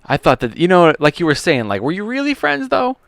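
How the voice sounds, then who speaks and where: A man's voice: high voice, huge pitch swings, vocal fry, a bit bright, dry recording, clean studio sound. A man hosting a comedy podcast, chatting casually in an easygoing, agreeable way. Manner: easygoing, agreeable, quick back-channel replies.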